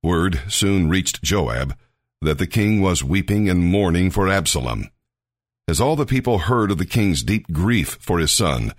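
A man reading scripture aloud in a measured, expressive manner. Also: low voice, dry recording, studio quality. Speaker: scripture reader.

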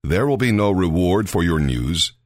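A man's voice: low-pitched, big pitch swings, normal speed, dry recording, studio quality. A man voicing a stern male army commander who speaks firmly and scolds.

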